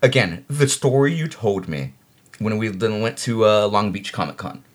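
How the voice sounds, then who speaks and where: A man's voice: on the low side, animated, normal speed. Laid-back male podcast host. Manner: laid-back, says dude a lot. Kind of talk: casual podcast chat, reading news.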